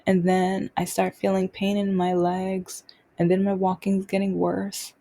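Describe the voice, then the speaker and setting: A woman hosting her own show, talking openly and unscripted about personal experiences, halting and restarting as she goes. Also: medium pitch, completely flat delivery, vocal fry, dark tone. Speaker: podcast host sharing personal stories.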